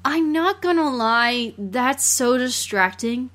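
A woman's voice: fairly high pitch, slow. Woman casually recapping a film. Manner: relaxed storytelling, recapping plot. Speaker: podcast co-host.

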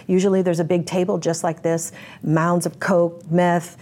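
A woman's voice: fairly low pitch, little pitch movement, normal speed, dark tone. A woman giving a candid interview, telling her story bluntly and vividly. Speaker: interview guest.

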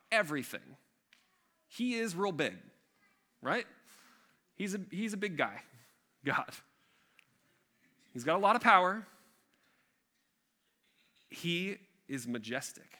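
A man's voice: fairly high pitch, pushed and bright. A man preaching a sermon in a conversational, emphatic way, with chatty asides to the congregation. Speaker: pastor.

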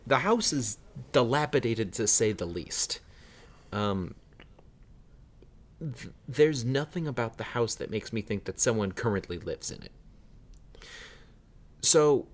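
A man tells a story in relaxed podcast chat. He gets animated and jumps higher and louder whenever he acts out the people in the story. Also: measured pace, long pauses. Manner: animated storyteller, acts out quotes in raised voices. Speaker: podcast host telling a story.

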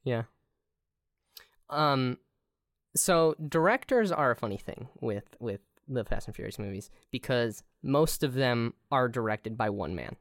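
A woman co-hosting a casual movie podcast, relaxed, agreeing easily and laughing quietly. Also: extremely low pitch, a little slow, no room sound, clean studio sound. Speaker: podcast co-host. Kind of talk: casual movie-review chat.

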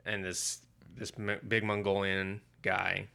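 Low, monotone and slow, his voice is gravelly with a sharp edge. The man co-hosts a podcast and, in casual comics-review talk, retells a comic's story in a profane, rambling manner full of fillers.

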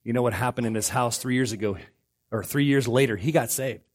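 A middle-aged man preaching a sermon as pastor, swinging between loud outbursts and hushed lines. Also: mid-range voice, fairly quick.

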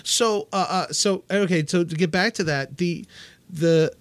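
A man's voice: high-pitched, measured pace, no echo. A man, a filmmaker guest on a casual podcast, eager and often hunting for his words.

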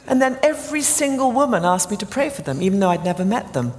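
A woman guest telling a story about her prayer ministry, animated and rising high when excited. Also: a little fast, few pauses, in a large hall. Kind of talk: storytelling interview.

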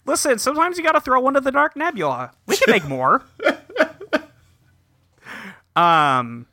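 A man from California chats through an episode recap in a high, very bright voice with wide pitch swings. He slips into the characters' lines as he goes. The sound is dry and close. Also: unhurried, dry recording. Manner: animated, acts out characters' lines mid-recap. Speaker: podcast co-host. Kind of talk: casual chat recapping an anime episode.

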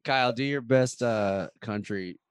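A man's voice: mid-range voice, measured pace, clean tone, no echo. Joking southern man, dry sound. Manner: joking, laughs often, improvises crude song. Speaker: podcast co-host. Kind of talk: casual chat.

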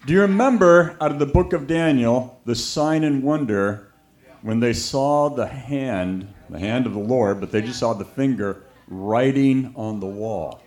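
A man's voice: mid-range voice, unhurried. Storytelling male preacher. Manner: lively anecdotal delivery, acts out quoted voices. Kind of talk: sermon storytelling.

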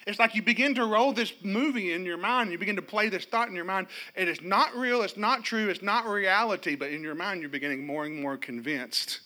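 Preaching a sermon in church, this middle-aged pastor animates humorous stories and calls on the congregation to respond. He speaks fairly quickly in a high voice, with hardly any pauses.

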